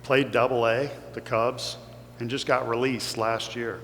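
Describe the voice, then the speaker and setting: A man's voice: mid-range voice, level tone, a little slow, fairly bright tone. A man from Kentucky with a Kentucky accent, giving an earnest, emotional motivational talk to an audience. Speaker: guest speaker. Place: large hall with audience. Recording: echoey hall with faint hum.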